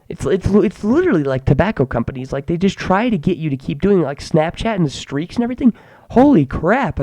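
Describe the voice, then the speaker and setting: A man's voice: high voice, mellow, no echo. A teenage boy ranting sarcastically in a mock-grandiose way, often stammering and restarting his words. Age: teens. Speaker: student ranting to camera. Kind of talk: comedic rant monologue.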